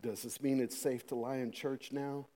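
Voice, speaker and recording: A middle-aged man preaching a sermon as pastor, animated, swinging between loud emphasis and quiet asides, with many rhetorical questions. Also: mid-range voice, moderate pace. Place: church sanctuary. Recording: long reverb of a church hall.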